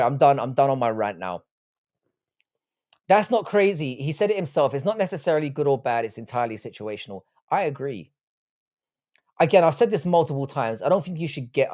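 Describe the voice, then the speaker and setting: A man's voice: mid-range voice, darkish tone. A young man hosting a casual livestream, reading the chat aloud and rambling with crude jokes. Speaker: livestream host.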